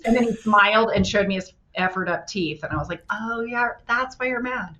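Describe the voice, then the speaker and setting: A middle-aged woman, a family law attorney, telling blunt, brash stories with quick wit and acted-out quotes in a casual interview. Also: medium pitch, pushed and bright, muffled recording.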